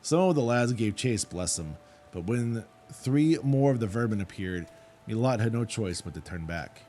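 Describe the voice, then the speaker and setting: A man reading out a gruff, rustic woman who runs a chocobo ranch in a fantasy game, with blunt folksy speech. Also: lowish voice, big pitch swings, normal speed, darkish tone, slight background noise. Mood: indignant.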